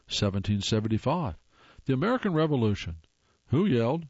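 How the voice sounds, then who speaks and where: A man's voice: medium pitch, animated, normal speed, a little mellow, dry recording, dull audio. Man reading corny jokes aloud, dry sound. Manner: reads jokes then groans at them wryly. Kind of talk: casual read-aloud.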